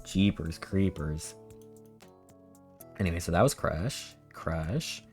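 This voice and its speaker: A man streamer giving a casual, sarcastic, animated recap of a trip. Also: deep voice, slow, soft background music.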